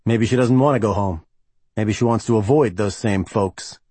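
A man's voice: lowish voice, normal speed, darkish tone, husky, dry recording. A male narrator voicing a blunt, sarcastic man in a storybook reading. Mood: curt. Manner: curt, sarcastic.

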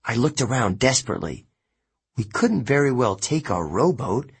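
A man narrating an audiobook in the first person, expressive and unhurried. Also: mid-range voice, slightly rough.

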